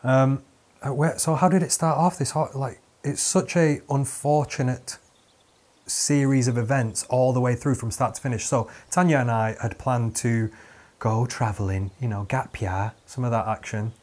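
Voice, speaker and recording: A man's voice: mid-range voice, steady tone, moderate pace, darkish tone. Young man, podcast host, casual comedic storytelling, rambling, full of ums. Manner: rambling, self-interrupting with many fillers.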